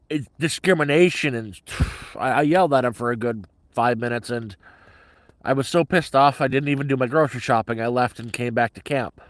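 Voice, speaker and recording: A man's voice: mid-range voice, a little fast, fairly bright tone, no echo. Blunt, swearing man ranting on a livestream. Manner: blunt, heavily profane, agitated ranting. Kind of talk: casual livestream storytelling.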